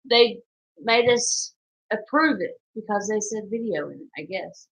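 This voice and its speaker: A woman's voice: medium pitch, lively intonation, measured pace, gravelly. A woman with a Southern accent reading viewer comments aloud and teasing her husband on a casual livestream. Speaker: co-host. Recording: muffled lo-fi stream audio.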